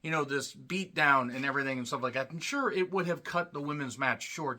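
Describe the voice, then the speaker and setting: Ranting man with a lively, bright voice. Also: medium pitch, fairly quick, few pauses. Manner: ranting, blunt and profane; clears his throat often. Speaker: wrestling show reviewer. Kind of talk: solo review monologue.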